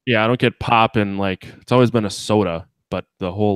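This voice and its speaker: A man from Wisconsin with a Wisconsin accent hosts a casual podcast chat. He talks in a low voice, full of profanity and rambling asides. The sound is dry and close. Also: fairly even intonation, a little fast, smooth, dry recording. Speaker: podcast host.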